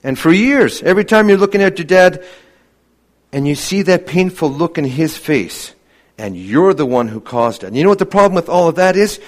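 An earnest male preacher delivering a sermon, with a voice set a little higher than most men's. He keeps asking the congregation rhetorical questions and sinks to a hush to drive points home. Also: lively intonation, normal speed. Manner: earnest, many rhetorical questions, drops to a hushed voice for emphasis.

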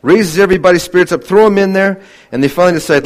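An earnest male preacher delivering a sermon, with a voice set a little higher than most men's. He keeps asking the congregation rhetorical questions and sinks to a hush to drive points home. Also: quick pace. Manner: earnest, many rhetorical questions, drops to a hushed voice for emphasis.

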